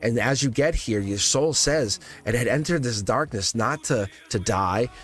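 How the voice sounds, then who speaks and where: A man's voice: mid-range voice, animated, measured pace, a bit bright. A man hosting a live tarot reading in casual spiritual talk, rambling and repeating phrases, chuckling often. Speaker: tarot reader livestream host.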